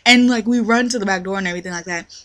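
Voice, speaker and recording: A young woman with a lively, slangy, profane storytelling manner, acting out quotes as she rants in a casual vlog. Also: mid-range voice, rapid-fire. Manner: animated storytelling, acts out quotes. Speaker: retail worker.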